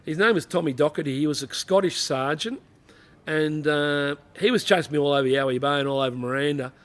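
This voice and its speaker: A man's voice: fairly high pitch, fairly quick, fairly bright tone. A middle-aged man with an Australian accent, a former police officer telling rambling anecdotes in a casual interview, full of "you know" asides.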